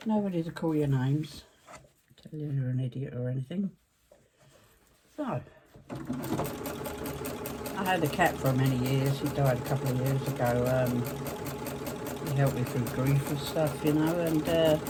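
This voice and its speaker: A woman's voice: rumbling low, heavy background noise. Chatty Essex woman at her sewing machine. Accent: Essex English. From England. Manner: rambling, talkative, self-deprecating. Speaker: quilting vlogger. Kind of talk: casual chatty demonstration. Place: home sewing room. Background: sewing machine running.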